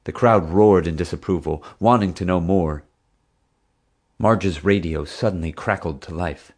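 A man narrating an audiobook in an expressive, dramatic manner. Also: sits low, measured pace.

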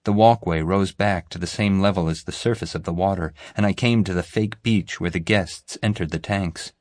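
Deep-voiced man reading an audiobook. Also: moderate pace, darkish tone, dry recording, studio quality. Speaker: narrator. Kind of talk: scripted audiobook narration.

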